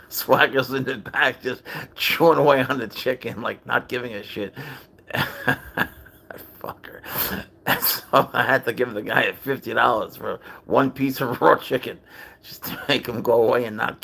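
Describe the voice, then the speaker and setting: A man's voice: on the low side, vocal fry, fairly bright tone. A man hosting a casual livestream, telling a long rambling story in a chatty, profane way and greeting viewers. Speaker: livestream host and cat owner.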